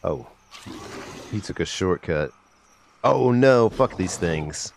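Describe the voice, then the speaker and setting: A man's voice: low-pitched, animated, slow, vocal fry, slight background noise. A young man streaming a game, muttering profane commentary to himself with bursts of exasperation and an occasional cough. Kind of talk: live gameplay commentary.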